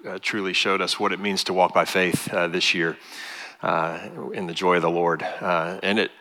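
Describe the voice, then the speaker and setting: A male pastor preaching a sermon in a church, earnest and halting, with many fillers. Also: sits low, level tone, sharp tone, in a large hall. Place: church sanctuary.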